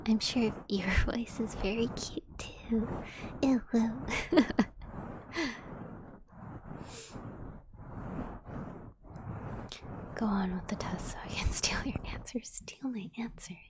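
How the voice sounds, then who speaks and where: A young woman streamer chatting with her viewers in a soft whisper, greeting them by name. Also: a little high, moderate pace. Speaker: live streamer.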